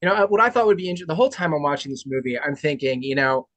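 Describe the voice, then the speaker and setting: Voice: mid-range voice, expressive, very fast, a bit bright, no echo, rough recording. A podcast host in a casual political chat with a mid-range voice in a very dry, close recording. They ramble, piling up filler words as they go.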